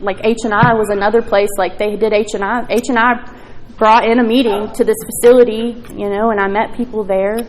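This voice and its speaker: A woman's voice: medium pitch, a little hiss or hum, rough recording. A woman telling her recovery story at a meeting, candid and profane, with plenty of fillers. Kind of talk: personal testimony at a recovery meeting.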